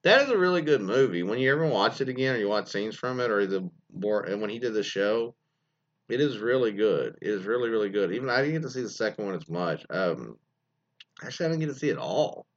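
A man hosting a loose comedic show, rambling through listener stories with constant fillers, restarts and laughs. His pitch swings widely from phrase to phrase. The recording is dull and lo-fi. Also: animated, fast. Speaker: host reading listener stories. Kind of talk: casual comedic commentary.

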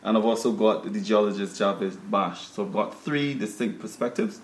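A man's voice: on the low side, normal speed, roomy sound. A man with a Guyanese accent hosting a studio panel discussion, talking conversationally with frequent fillers and restarts. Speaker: talk show host.

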